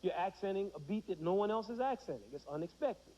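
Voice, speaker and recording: A man's voice: sits high, expressive, fast, mellow, long reverb tail, highs cut off. A man teaching children about rhythm in a playful, demonstrative way, counting beats aloud. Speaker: music teacher.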